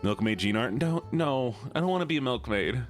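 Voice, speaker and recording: A man's voice: medium pitch, lively intonation, fairly quick, faint music behind. A man streaming live, chatting casually and playfully with his viewers. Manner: bubbly, playful, chatty with chat.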